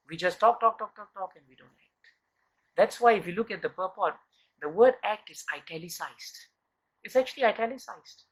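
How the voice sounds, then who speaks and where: A man leading a devotional scripture class in an earnest teaching tone. He keeps asking his listeners rhetorical questions and repeats words to drive his point home. When he tells a story, his pace slows and quickens, and his phrases often trail off. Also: sits high, bright, forceful tone, low-quality recording.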